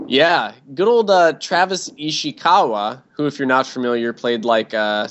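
A man's voice: mid-range voice, unhurried, fairly bright tone, slight background noise. A man co-hosting a casual sports podcast, talking with dry sarcasm and frequent laughs. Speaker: podcast co-host. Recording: dull lo-fi sound.

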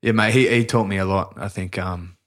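A laid-back Australian man with a very low voice, guesting on a casual podcast. He rambles, restarts his sentences and sprinkles "mate" throughout. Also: steady tone, fairly quick, a bit bright. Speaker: guest, professional rugby league player.

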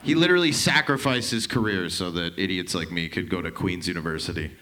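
A man in his thirties from Canada doing a stand-up set, telling profane, rambling stories with quick asides. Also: sits low, sharp tone, a little hiss or hum. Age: 30s. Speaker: stand-up comedian.

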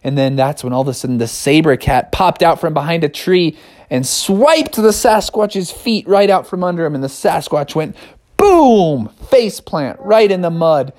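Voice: medium pitch, normal speed. A storyteller improvising a silly spoken story, rambling playfully from one "and then" to the next. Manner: playful, animated, rambling narration with run-on "and then".

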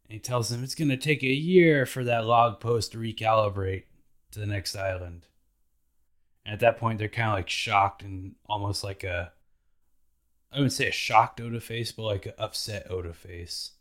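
A man's voice: on the low side, a bit bright. A man hosting a podcast, recapping anime episodes in a laid-back, slangy way.

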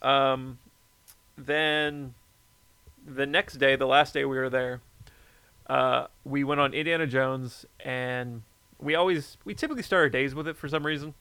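A man chatting casually, telling a story with lively energy and plenty of swearing. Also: medium pitch, a little slow, smooth, no room sound. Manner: animated storyteller, swears freely. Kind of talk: casual chat.

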